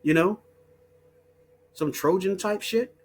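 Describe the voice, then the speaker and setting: A high-pitched man hosts his own video, speaking slowly in a heated, profane monologue packed with repeated words and restarts. A little hiss or hum sits under the recording.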